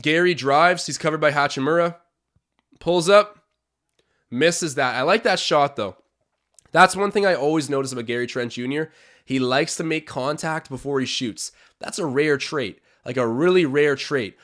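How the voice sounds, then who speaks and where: A man's voice: on the high side, normal speed, a bit bright. A young man hosting a live-stream watch-along, chatting opinions, calling plays and reading out viewer comments.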